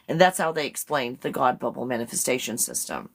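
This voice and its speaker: A woman's voice: very deep voice, fairly quick, gravelly, few pauses. A woman hosting a live morning stream, chatty and rambling, often breaking into laughter. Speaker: live show host. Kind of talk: casual live-stream talk.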